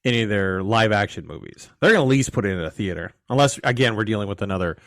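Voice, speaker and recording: A man's voice: on the low side, animated, fast talker, fairly bright tone, no room sound, clean studio sound. A man hosting a casual podcast, asking leading questions in an offhand way. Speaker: podcast host.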